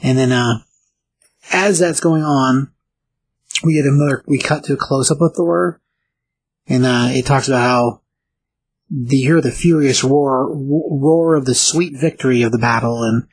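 A man casually recapping a comic book issue, talking in a halting way with many filler pauses. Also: medium pitch, husky, no room sound, poor audio.

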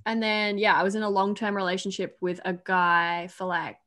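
A woman's voice: medium pitch, level tone, moderate pace, fairly bright tone. A young woman with an Australian accent, chatting casually as a podcast guest, laughing often and filling with "like" and "yeah". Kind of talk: casual chat.

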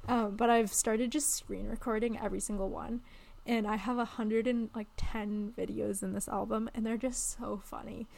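A woman's voice: a little high, flat delivery, normal speed, gravelly, darkish tone. A young woman co-hosting a podcast, chatting casually, laughing often and filling her talk with "like" and "um". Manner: chatty, laughs often, many likes and ums. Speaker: podcast co-host. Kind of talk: casual chat.

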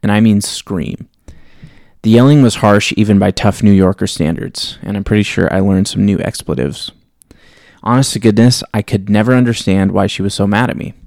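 A man's voice: on the low side, normal speed, gravelly, a little mellow, dry recording, studio quality. A man hosting a podcast, reading a personal story in a reflective, wry way. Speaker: podcast host. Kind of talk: reading a personal story aloud, then casual sign-off.

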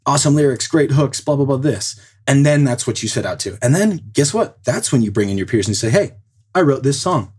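A man's voice: medium pitch, a little mellow, breathy edge. A man co-hosting a podcast, giving earnest, motivational advice and building his points step by step. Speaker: podcast co-host.

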